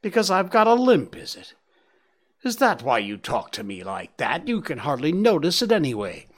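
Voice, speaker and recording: A man's voice: on the high side, huge pitch swings, moderate pace, voice pushed up. A man doing a sneering, limping old stag. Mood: contemptuous. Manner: mocking, condescending. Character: older male stag, limping, sneering and contemptuous. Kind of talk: audiobook character reading.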